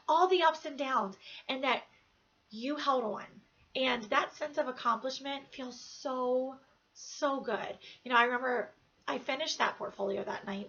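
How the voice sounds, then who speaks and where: A woman's voice: sits high, fairly bright tone, dull audio. A woman in her thirties giving an earnest, emphatic motivational talk, repeating phrases to drive home her point. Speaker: motivational speaker.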